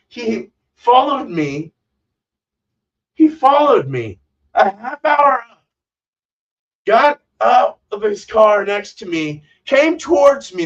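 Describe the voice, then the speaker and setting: Guy with a high voice rambling and cussing on his brew stream, kinda far from a dull mic. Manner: rambling, profane storytelling. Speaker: homebrewing channel host. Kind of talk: casual livestream chat.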